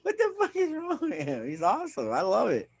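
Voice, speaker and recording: A man's voice: high voice, huge pitch swings, brisk, vocal fry. A man in his thirties co-hosting a podcast, joking and swearing freely in a casual chat. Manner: profane, joking reactions. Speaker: podcast co-host.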